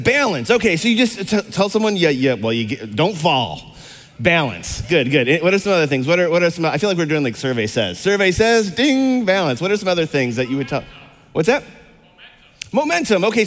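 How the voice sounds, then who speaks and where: A middle-aged pastor with a fairly high, brisk, slightly bright voice swings widely in pitch as he preaches a casual sermon, his words echoing through a large church hall. Chatty and rambling, he fills his talk with fillers and restarts and keeps throwing questions to the congregation.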